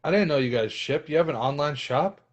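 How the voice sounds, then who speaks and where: A man's voice: fairly high pitch, lively intonation, fairly quick. A man in a casual chat, talking bluntly and swearing freely. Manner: blunt and profane.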